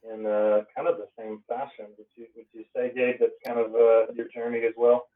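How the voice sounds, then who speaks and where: A man's voice: mid-range voice, little pitch movement, moderate pace. A young man hosts a podcast, upbeat and joking, then turns to asking questions. His voice comes through a narrow, phone-like band. He sits back from the microphone. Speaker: podcast host and pastor. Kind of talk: casual podcast conversation. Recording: tinny phone-like line, distant from mic.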